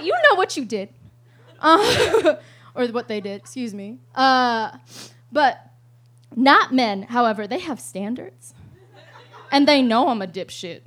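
A young woman with a high voice performs a live stand-up set. She is profane and animated, breaking into loud outbursts and often laughing in the middle of a line. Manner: laughs often mid-sentence. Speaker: stand-up comedian. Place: live show stage.

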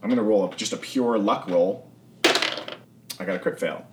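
A man's voice: lowish voice, moderate pace. A man narrating and running a tabletop role-playing game in a loose, conversational way. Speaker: game master. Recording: echoey room, mic far off, faint noise.

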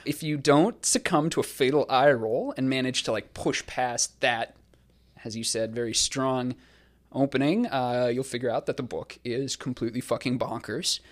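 A man hosting a casual podcast discussion, talking in a sardonic, profane and lively way. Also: medium pitch, moderate pace. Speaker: podcast host.

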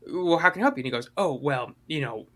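A man's voice: a little high, lively intonation, fast, a bit bright. A man co-hosting a podcast, rambling through a story with lots of fillers and acted-out quotes. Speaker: podcast co-host. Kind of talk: casual podcast chat.

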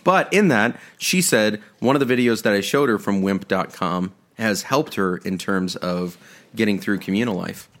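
A young man with a fairly low voice co-hosts a casual chat at home. He tells stories animatedly, slipping into quoted voices for laughs. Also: moderate pace, a bit bright. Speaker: podcast co-host. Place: room at home.

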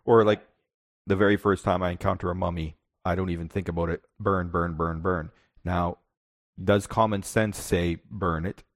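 A man's voice: low voice, fairly even intonation, normal speed, no room sound, studio quality. A male podcast co-host chatting casually and reflectively about tabletop games, often restarting his sentences.

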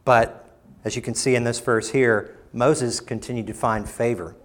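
Here a pastor preaches at a normal speed with fairly even intonation overall, though he still rises to emphatic bursts and drops low and quiet. At times he mimics quoted lines in mock voices.

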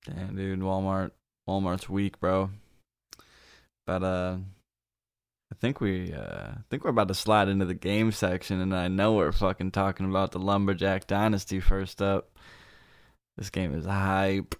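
A man's voice: low voice, level tone, measured pace, clear, resonant tone, no echo, studio quality. A man co-hosting a casual podcast chat, laid-back and laughing often, with a drawling slangy delivery. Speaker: podcast co-host.

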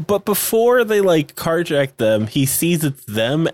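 A man's voice: fairly high pitch, very animated, a little slow. A man co-hosting a podcast, recapping episodes in a rambling, casual way, laughing often and leaning on fillers. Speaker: podcast co-host.

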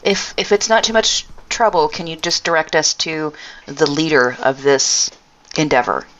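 Casting: woman player, low voice, hesitant and polite, dull lo-fi recording. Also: fairly even intonation, moderate pace, a bit bright, slight background noise. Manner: hesitant, polite in-character speech. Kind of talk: casual tabletop play.

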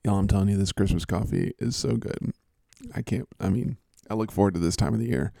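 Male host, low dark gravelly voice, jokey and rambling, dry sound. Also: brisk, dry recording. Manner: joking, rambling, teasing. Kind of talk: casual chat.

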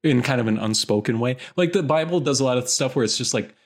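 A woman co-hosting a podcast, retelling a film in a wry, drawn-out casual way. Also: extremely low pitch. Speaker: podcast co-host. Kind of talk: casual chat.

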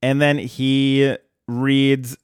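A man's voice: medium pitch, flat delivery, drawn-out words, clear, resonant tone, no echo, clean studio sound. A man co-hosting a podcast, chatting casually about a cartoon episode, enthusiastic and often laughing. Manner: enthusiastic, laughs often, quotes lines with a grin. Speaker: podcast co-host.

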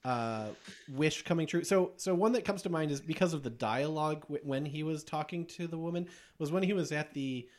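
A man hosting a podcast, chatting casually about movies, enthusiastic and quick to laugh as he recounts scenes with plenty of fillers. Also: a little high, darkish tone. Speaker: podcast host.

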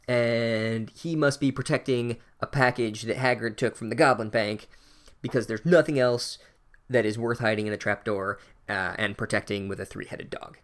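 A man's voice: mid-range voice, fairly even intonation, moderate pace, fairly bright tone. A man giving a profane, sarcastic comedic recap of a book, ranting in a casual way.

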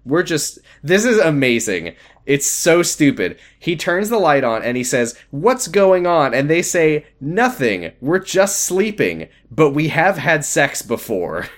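A man's voice: fairly high pitch, very animated, a little slow. A man co-hosting a podcast, chatting casually and recapping a TV show, acting out characters' lines in put-on voices. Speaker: podcast co-host.

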